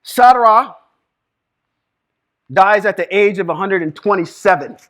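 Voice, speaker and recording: A man teaching Hebrew reading and scripture to a live group, lively and quizzing the room with questions. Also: high voice, measured pace. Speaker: Bible teacher. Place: room with a small live audience.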